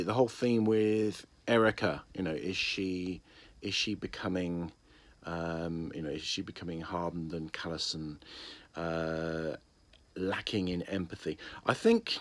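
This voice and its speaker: A man's voice: deep voice, no echo. A man, musing through a casual spoken review of a TV series with many ums and restarts.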